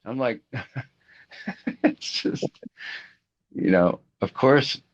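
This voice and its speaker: A man's voice: medium pitch, extremely slow. A middle-aged man talking in a casual interview about his career as a rock guitarist. He rambles through stories with many restarts and fillers, and acts out the people he quotes. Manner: animated, acts out quoted voices. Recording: dull lo-fi audio.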